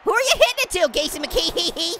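A man does a full character voice as a hyper, giggly male talking orange, cracking puns and taunting while he comments on gameplay in a comedic let's-play. His high, gravelly cartoon voice swings widely in pitch at a normal speed, sounding giddy. Game music and background noise play behind him.

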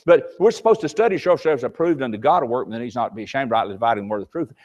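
A man's voice: medium pitch, rapid-fire, highs cut off. An older man, teaching a Sunday class in a folksy sermon style and acting out voices in his stories. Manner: animated storytelling, acts out voices in anecdotes.

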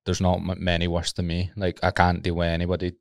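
A man's voice: sits low, monotone, fast talker, smooth, no room sound, clean studio sound. A Scottish man hosting a podcast, telling stories in a laid-back, casual way. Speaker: podcast host.

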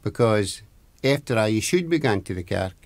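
A man voicing a wee fairy man chanting low. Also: lively intonation, moderate pace, a little mellow, dry recording. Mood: coaxing. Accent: Scottish, Aberdeen. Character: wee male fairy man, magical, bossy helper.

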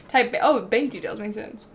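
A woman's voice: medium pitch, a little hiss or hum. A young woman live-streaming a game, chatting casually, swearing freely and bantering with her chat. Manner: excitable, swears freely, talks back to chat.

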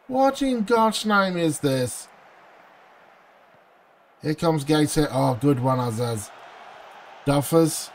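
With a high-ish voice, lively intonation, a slow pace and frequent pauses, a man commentates his own football management game for his gaming channel, slight background noise behind him. He anxiously pleads with the team, groans at misses, and breaks into frustrated outbursts.

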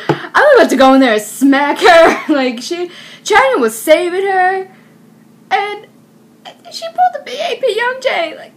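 A young woman hosting a reaction video, excitable, shrieking and laughing as she comments. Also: extremely high pitch, normal speed, slight background noise.

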